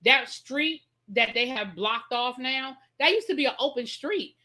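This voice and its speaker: Bright-voiced woman hosting a chatty live stream. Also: high-pitched, unhurried. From Washington, D.C. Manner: chatty, explains patiently, reads out viewer comments. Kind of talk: casual live-stream chat.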